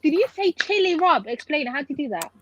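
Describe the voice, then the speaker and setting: A woman's voice: high voice, sing-song, fast, fairly bright tone, slight background noise, rough recording. A woman on a livestream panel, grilling a friend in incredulous, laughing banter. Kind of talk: casual teasing banter.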